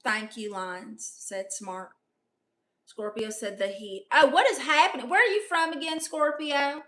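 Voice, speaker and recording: A young woman on a live stream reads out viewer comments and answers them with brash, sassy comebacks. Her voice sits high and bright, with a sharp, forward edge. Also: a little slow.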